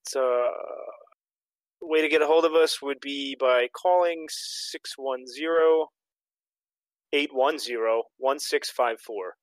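A man co-hosting a casual gaming podcast, relaxed and dryly joking. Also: medium pitch, takes it slowly, dry recording, rough recording. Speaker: podcast co-host.

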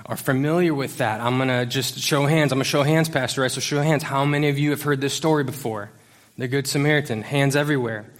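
A man preaching as youth pastor to a church congregation, talking in a casual, joking way with lots of fillers and restarts. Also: medium pitch. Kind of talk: conversational sermon. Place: church service before a congregation.

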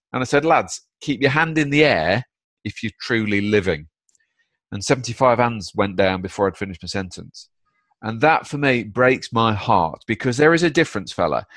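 A man, a guest author, telling stories in a blunt, energetic, chatty way with the odd swear word. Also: on the low side, no echo. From United Kingdom. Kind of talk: casual chat, storytelling.

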